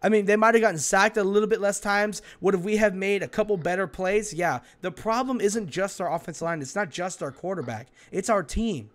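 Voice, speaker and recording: A man's voice: high voice, fairly quick, few pauses, fairly bright tone. A man hosting a sports podcast, ranting in a fired-up way, swearing and firing off rhetorical questions. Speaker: podcast host. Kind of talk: heated sports podcast talk.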